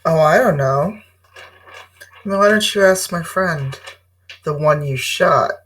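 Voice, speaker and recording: A woman playing a tabletop role-playing game, talking in an unhurried, hesitant way and speaking in character. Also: low-pitched, fairly bright tone. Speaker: player. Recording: distant mic.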